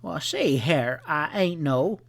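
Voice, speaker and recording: A man's voice: fairly high pitch, expressive, slow pace, creaky, a bit bright. A man reading as a dry, ironic frontier sheriff in an audiobook western.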